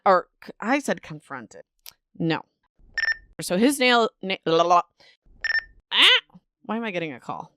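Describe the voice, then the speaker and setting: A bubbly woman hosts a casual book podcast into a home microphone, with a smooth and clear voice. She laughs at herself and trips over words as she reads. The sound is close and dry, with no room echo. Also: mid-range voice, a bit bright. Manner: bubbly and self-mocking, stumbles over words while reading. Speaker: podcast host.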